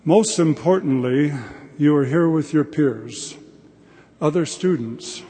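An older man giving a devotional address to an audience in a plain, measured and thoughtful way. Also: on the high side, dark tone. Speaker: devotional speaker. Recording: long hall reverb.

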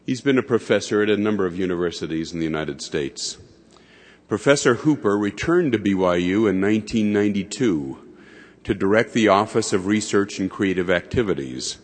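A man formally introducing a speaker to an audience in a large hall. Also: low-pitched. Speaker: presiding introducer. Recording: long hall reverb.

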